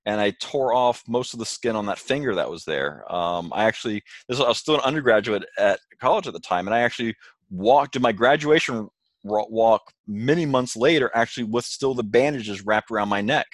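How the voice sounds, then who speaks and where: A man telling a story in casual chat with animated delivery, acting out quotes. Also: medium pitch, fairly quick, dry recording. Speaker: co-host, sailor.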